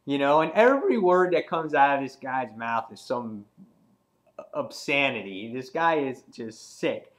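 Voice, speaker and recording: A man's voice: medium pitch, animated, unhurried. A man reviewing a comic book in casual chat, rambling with many fillers and restarts as he retells the story.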